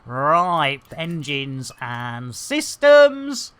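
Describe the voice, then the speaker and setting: A woman live-streaming a space game, chatting to viewers in a jokey, excitable way with plenty of fillers and exclamations. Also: mid-range voice, slow, no room sound. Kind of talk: casual live-stream chat while playing.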